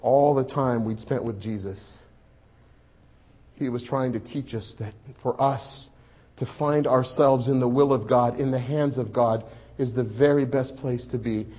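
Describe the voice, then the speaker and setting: A man playing a grieving male disciple in a dramatic first-person sermon, swelling loud for the crowd and sinking hushed and low. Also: fairly even intonation, measured pace, natural voice. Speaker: preacher in first-person monologue. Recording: muffled lo-fi recording.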